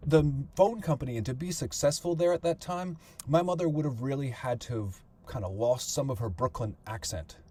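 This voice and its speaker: A middle-aged podcast host and author recounts his family's history conversationally, thinking aloud with fillers and restarts. His mid-range voice has a darkish tone and a moderate pace with few pauses.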